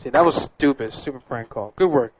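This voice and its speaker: A man's voice: mid-range voice, brisk, slightly rough. A man hosting a radio prank-call show, chatting casually and running himself down, on muffled lo-fi audio.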